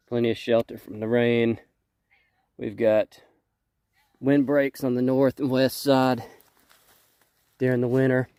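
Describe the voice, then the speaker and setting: A man with a nasal, congested voice from a cold, talking casually outdoors and explaining things in a relaxed way. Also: medium pitch, dry recording. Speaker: homesteader vlogger. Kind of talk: casual outdoor walk-and-talk. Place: outdoors at a rabbit pen.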